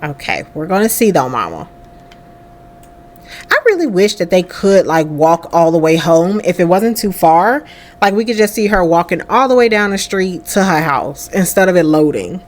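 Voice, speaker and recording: A let's play host with a lowish voice and lively intonation talks at a moderate pace. The young woman casually comments on a life-sim game, speaking to her character while playing.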